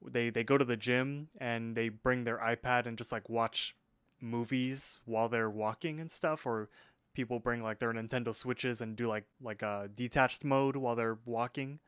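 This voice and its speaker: A man's voice: mid-range voice, fairly even intonation, moderate pace, a bit bright, clear, resonant tone, no room sound, studio quality. A man co-hosting a casual podcast, recapping a cartoon with lots of fillers and easy laughter. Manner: laughs easily, filler-heavy. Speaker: podcast co-host.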